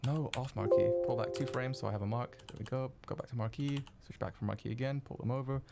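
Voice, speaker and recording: Excitable young man, live-stream chat. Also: medium pitch, quick pace, creaky, loud music behind the voice. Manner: excitable, swears freely, laughs often. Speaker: streamer editing video live.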